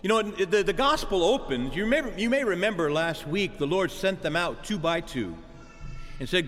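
A man preaching a sermon to his congregation, animated and calling out to the church for an amen. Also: high-pitched, normal speed, in a large hall, soft background music.

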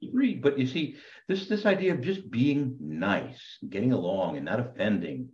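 A man, a priest, teaching a Bible class over a video call in an animated, preachy way with quick asides. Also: mid-range voice, roomy sound, lo-fi sound. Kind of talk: online class lecture.

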